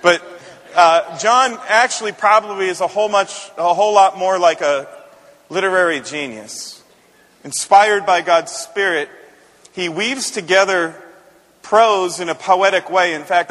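A man's voice: sits high, measured pace, a bit bright, in a large hall. A man, a senior pastor, preaching a conversational sermon and often repeating words as he builds a point.

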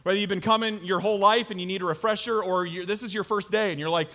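Man, pastor, casual energetic sermon, frequent fillers, higher voice. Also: fast. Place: large church sanctuary.

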